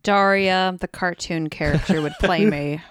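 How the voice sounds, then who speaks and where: A woman's voice: on the low side, a little slow, clear, resonant tone, no echo. A woman guesting on a podcast in casual chat, with a snarky, cranky, dry way of talking.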